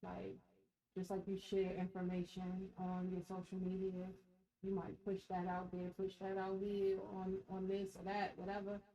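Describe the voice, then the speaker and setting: A woman's voice: medium pitch, monotone, normal speed, crowd noise, poor audio. A woman co-hosting a casual podcast, talking in a chatty way and giving advice. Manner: chatty, advising. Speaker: co-host.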